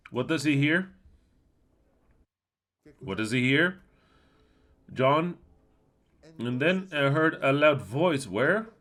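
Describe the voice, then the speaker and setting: A man giving a livestreamed Bible teaching. He is emphatic and asks many rhetorical questions, swinging between loud and soft, with blunt, coarse asides. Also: mid-range voice.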